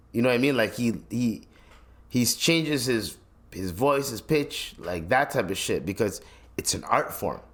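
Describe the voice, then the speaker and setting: A man in the middle of a solo podcast rant, his voice sitting at an ordinary pitch for a man. He talks bluntly and curses freely, with plenty of slang. He keeps circling back and restarting his thoughts as he goes. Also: animated, measured pace, a bit bright. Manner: profane, blunt, heated opinion talk; rambling with frequent restarts and slang. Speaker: podcast host.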